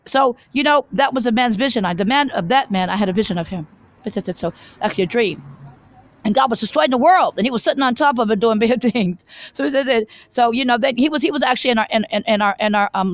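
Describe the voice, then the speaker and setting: A woman with a high voice rushes through a rambling monologue to her viewers. She is fervent and keeps restarting and repeating words. The recording is dry with almost no room sound. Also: no room sound, rough recording. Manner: fervent, repetitive, many restarts and stammered repeats. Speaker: vlogger. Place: coffee shop.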